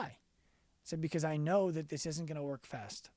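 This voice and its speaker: A man being interviewed on a podcast as a business coach, telling stories earnestly and going quiet for the emotional parts. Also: on the high side, normal speed, no room sound.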